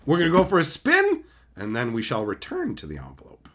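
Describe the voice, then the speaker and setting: Lively, foul-mouthed male streamer. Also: medium pitch, brisk. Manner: profane, mock-insulting trash talk; excitable, laughs often. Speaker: streamer opening card packs. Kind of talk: casual live-stream chat.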